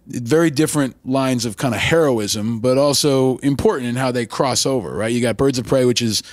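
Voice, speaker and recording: A man's voice: mid-range voice, fairly quick, no room sound. Effusive male podcast host. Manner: effusive, long rambling questions. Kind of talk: interview questions.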